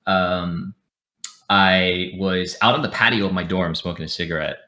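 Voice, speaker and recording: A young man chatting casually as a podcast guest, talkative and energetic with lots of fillers and restarts. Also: low voice, normal speed. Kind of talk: casual chat.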